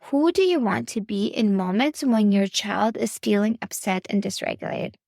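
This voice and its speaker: Earnest woman coach, close dry gravelly voice. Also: mid-range voice, animated, moderate pace, a little mellow, dry recording. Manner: earnest, instructive, addresses listener directly. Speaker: podcast host and parenting coach. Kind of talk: faith-based coaching talk.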